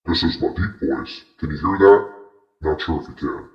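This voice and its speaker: A very low, put-on deep voice, as a man plays it up on a dull, lo-fi recording. It comes across as deadpan, a sound test in a deliberately lowered register. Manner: testing his own voice, deadpan. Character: man doing an exaggerated deep voice.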